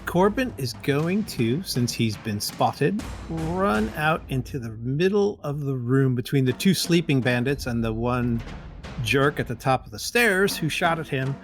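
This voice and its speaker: A man playing a tabletop game, calmly describing his character's actions. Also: mid-range voice. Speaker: player.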